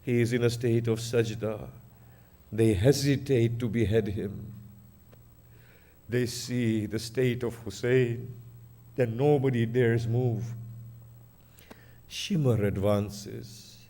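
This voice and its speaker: A man's voice: medium pitch, slow pace, long pauses, dark tone. A man preacher narrating a mournful sermon in a dramatic, grieving manner.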